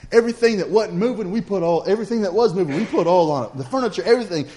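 A middle-aged man, preaching a sermon in a folksy storytelling way that builds to loud exhortation. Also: sits high, animated, rapid-fire.

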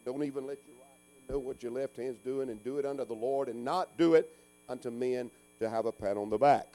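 A middle-aged man preaching a folksy call-and-response sermon, swinging between loud urging and hushed asides. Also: medium pitch, brisk. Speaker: pastor.

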